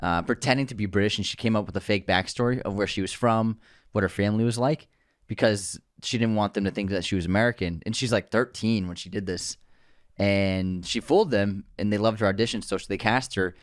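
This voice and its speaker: A man co-hosting a casual film podcast, chatty and quick to tell anecdotes. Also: fairly low pitch, dry recording, clean studio sound. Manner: chatty, tells anecdotes with laughs. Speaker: podcast co-host.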